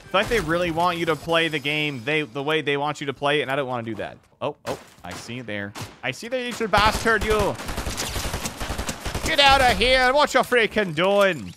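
An excitable man reacts out loud while he plays, his high voice leaping all over the place. He curses freely as he comments on the match, with loud video game gunfire and clicks behind him. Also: normal speed, background noise. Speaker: gaming YouTuber. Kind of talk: live gameplay commentary.

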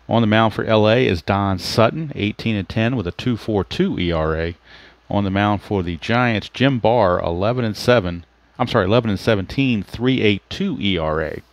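In a dry recording, a man with a lowish voice works through a tabletop baseball replay play by play at his home computer. He methodically explains ratings and dice results, pondering the rules aloud as he goes.

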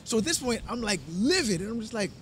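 A man's voice: sits high, lively intonation, fast talker, fairly bright tone, slight background noise. A man, co-hosting a podcast and telling a long, profane story with many restarts. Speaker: podcast co-host. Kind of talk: casual storytelling chat.

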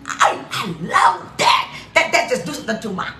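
Exuberant woman pastor, bright and lively. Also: a little high, normal speed. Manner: exuberant, laughing, repeats phrases. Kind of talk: lively sermon. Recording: echoey room, off mic.

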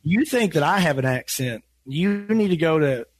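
A man's voice: fairly high pitch, expressive, moderate pace, dry recording. Easygoing man with a Western Kentucky accent. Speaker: guest, gun YouTuber. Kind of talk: casual podcast chat.

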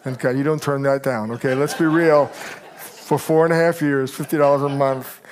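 A man's voice: mid-range voice, normal speed. An older man preaching a sermon as pastor, telling stories with energy and acting out the people he quotes. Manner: animated storyteller, acts out quotes.

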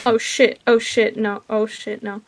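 A woman playing a survival game with friends, matter-of-fact with quick reactions. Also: a little high, flat delivery, creaky, no room sound. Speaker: co-op player. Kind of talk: casual gameplay chat.

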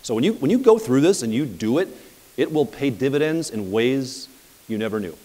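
A man coaching at a live seminar, telling anecdotes in an energetic, conversational way. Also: medium pitch, fairly quick, big-room sound. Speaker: property management business coach. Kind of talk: live seminar talk with audience questions.

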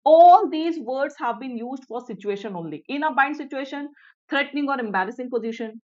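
A woman's voice: high-pitched, lively intonation, fairly quick, darkish tone, dull audio. A woman with an Indian English accent teaching an online vocabulary lesson, repeating each definition, explaining in Hindi and checking in with viewers. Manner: switches to Hindi to explain, asks "clear everyone?".

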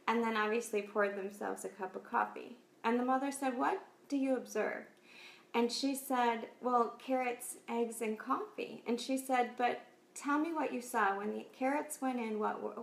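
A woman's voice: a little high, vocal fry. A woman hosting a faith talk show, earnestly encouraging her listeners, retelling a parable and closing with a prayer. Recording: echoey room.

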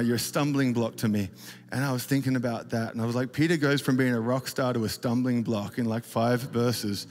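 Male conference speaker, chatty and self-deprecating, mid pitch, on a reverberant auditorium stage. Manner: rambling, self-deprecating, many fillers and restarts. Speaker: worship leader speaking at a conference. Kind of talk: casual conference talk with storytelling. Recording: reverberant hall, faint ambience.

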